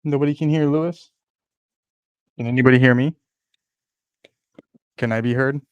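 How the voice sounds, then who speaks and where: Man chatting while building a pc, mid voice, hurried, dry room. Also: mid-range voice, steady tone, clean tone, no echo, dull audio. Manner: hurried and easygoing. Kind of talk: casual chat while working.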